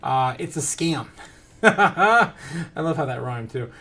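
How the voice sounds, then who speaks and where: A man hosting a livestream talks slowly in a notably high voice, though his tone stays casual and excited. He laughs often, reads messages from the chat and drifts from topic to topic.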